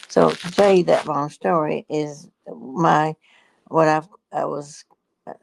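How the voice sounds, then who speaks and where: A woman in her nineties with a gravelly voice, a guest talking in a halting, rambling way in a casual chat. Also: low-pitched, a little mellow, low-quality recording. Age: 90s.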